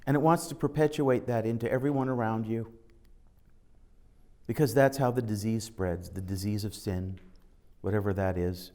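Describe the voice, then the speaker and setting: A man with a fairly low, steady, warm voice speaks at a moderate pace. He is a spiritual teacher giving an informal talk, telling stories conversationally, acting out the dialogue, and sometimes reading scripture aloud.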